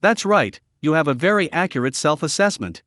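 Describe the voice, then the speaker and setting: A man's voice: a little high, very animated, a little fast, a bit bright, dry recording, studio quality. A man voicing a blunt, stern young man in a story recap, speaking in a lecturing tone.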